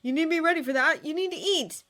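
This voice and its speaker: A woman's voice: high voice, fast talker, pushed and bright, pitched above the performer's own voice. A woman voicing an anxious young man who desperately begs someone to eat. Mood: pleading. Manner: desperate, begging.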